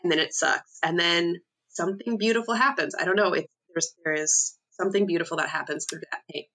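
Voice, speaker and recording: A woman co-hosting a casual podcast chat over a remote call, reassuring and reflective and quick to laugh. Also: fairly low pitch, sharp tone. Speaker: podcast co-host.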